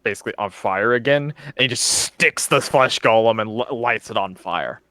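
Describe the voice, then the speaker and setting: A man running a tabletop game as game master, narrating in a relaxed, casual way. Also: mid-range voice, normal speed, no room sound. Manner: relaxed, casual, swears offhand.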